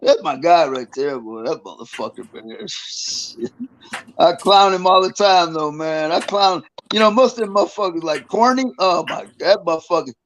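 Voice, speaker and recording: A man's voice: on the high side, normal speed, low-quality recording. An older man in a casual interview, telling rambling, profane stories about his past and chuckling between them. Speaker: interview guest, former prisoner.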